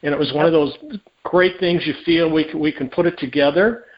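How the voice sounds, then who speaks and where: Animated storytelling private investigator, man. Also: a little high, fairly quick. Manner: animated, acts out quoted dialogue, many restarts. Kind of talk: conversational storytelling interview. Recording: dull lo-fi audio.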